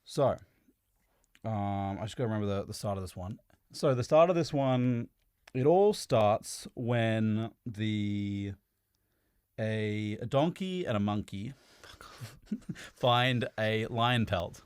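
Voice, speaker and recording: A man's voice: fairly low pitch, animated, slow pace, pauses often, clean tone, dry recording, clean studio sound. A man on a casual podcast, retelling a story in a rambling way, swearing and laughing as he goes.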